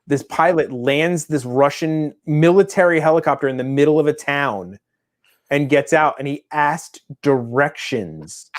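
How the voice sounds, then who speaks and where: A man's voice: a little high, unhurried. A man co-hosting a casual chat show, telling a long rambling story and acting out the people in it. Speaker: podcast co-host.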